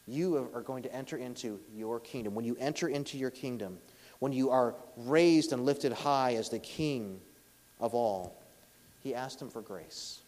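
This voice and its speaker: A man preaching a sermon, with emphatic swings between loud stressed phrases and hushed, quiet lines. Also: medium pitch, a little slow. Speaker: pastor. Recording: long hall reverb.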